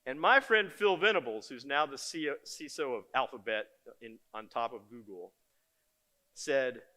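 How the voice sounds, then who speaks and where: An older man giving a conference keynote, telling stories in a lively, joking and blunt way. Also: medium pitch, moderate pace. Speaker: keynote speaker. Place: conference stage before an audience.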